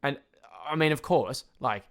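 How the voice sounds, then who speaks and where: A young man from Tasmania with an Australian accent, ranting on a casual solo podcast. He rambles, trips over his words, swears freely and laughs at himself, at a middling pitch. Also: a little slow, clean tone. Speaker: podcast host.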